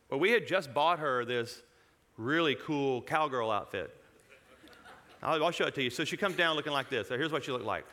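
Speaking at a normal speed in a medium-pitched voice, this man recounts a personal story to his congregation. He's animated, laughing softly and breaking off his own sentences.

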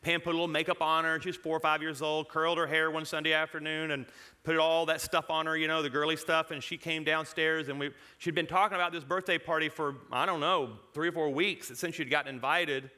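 A man speaking to a congregation, telling a personal story in an animated way, chuckling and breaking off his own sentences. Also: a little high, fast, smooth.

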